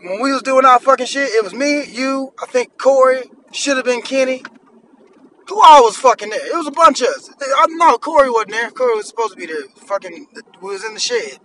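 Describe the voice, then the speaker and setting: A man's voice: very high voice, lively intonation, brisk, bright, forceful tone, a little hiss or hum, low-quality recording. A man in his thirties hosting a podcast, ranting bluntly and profanely in an annoyed tone. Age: 30s. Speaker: podcast host. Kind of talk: solo podcast rant.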